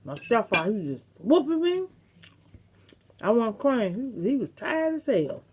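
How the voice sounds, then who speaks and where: A woman's voice: fairly high pitch, big pitch swings, a little slow, noisy background. A middle-aged woman vlogger, chatting casually and reminiscing to her viewers, with some salty language. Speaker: mukbang vlogger.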